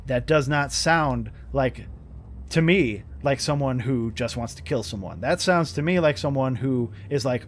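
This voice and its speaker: An American man talks off the cuff over a game, rambling and frustrated, cursing freely and restarting his sentences. His voice sits at an everyday middle pitch, and a faint hiss of background noise runs under it. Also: animated, measured pace. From United States. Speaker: gaming channel host. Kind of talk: off-the-cuff commentary over gameplay.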